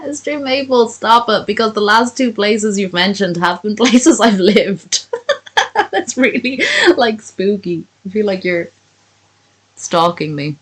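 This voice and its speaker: A woman's voice: mid-range voice, slow. A woman reading a fan story aloud on a livestream, breaking off for profane, sarcastic chat with her viewers. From not from America.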